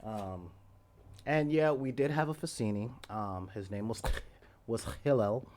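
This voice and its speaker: A man in his forties telling a story in a loose, rambling way, often laughing and acting out the quoted lines loudly. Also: fairly low pitch, unhurried, slight background noise. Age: 40s. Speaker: podcast host. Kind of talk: casual storytelling.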